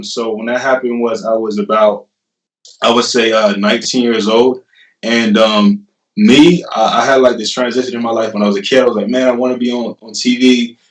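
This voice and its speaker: Roomy, animated young man telling a story. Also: mid-range voice, fairly quick. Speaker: guest. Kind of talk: casual storytelling. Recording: roomy, distant mic.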